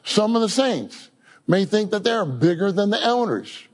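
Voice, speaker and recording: A man's voice: sits high, very animated, unhurried. A man preaching an informal sermon, repeating words and calling out short prayers.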